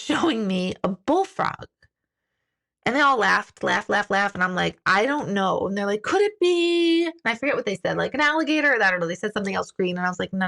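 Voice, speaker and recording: A woman who works as an intuitive medium, chatting casually with viewers and giving gentle advice, rambling with many asides. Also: medium pitch. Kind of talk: casual chat to camera.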